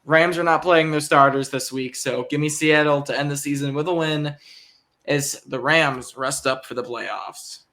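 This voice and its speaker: A young man with a somewhat high voice hosts a casual sports podcast. He talks in an easygoing, rambling way and fills pauses with ums and soft chuckles. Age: young adult. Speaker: podcast host.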